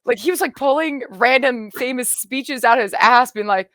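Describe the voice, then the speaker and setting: A woman in casual chat, reacting to a show she is watching for the first time, rambling and excitable, with many restarts. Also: on the high side, moderate pace, hardly any pauses, no room sound, studio quality.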